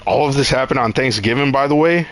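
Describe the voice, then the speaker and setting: A man's voice: mid-range voice, fast talker. A young man streaming, telling a rambling, profane story in casual chat and acting out his own lines.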